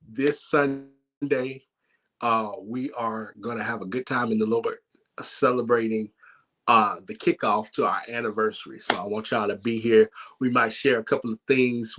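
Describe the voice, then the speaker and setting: A man hosting a church comedy night, telling a story in a lively, laughing way. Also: medium pitch. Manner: animated, laughs while telling. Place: church sanctuary.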